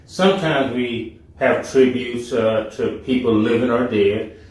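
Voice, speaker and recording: A man's voice: medium pitch, steady tone, unhurried, darkish tone. A man hosting his own talk show, telling a story casually with emphatic turns. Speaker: show host. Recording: echoey room, mic at a distance.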